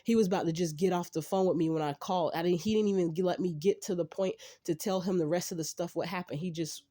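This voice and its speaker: A woman's voice: fairly low pitch, fairly even intonation, fast, mellow. A woman venting casually to camera in a rambling, frustrated way, swearing often and restarting her sentences. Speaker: vlogger.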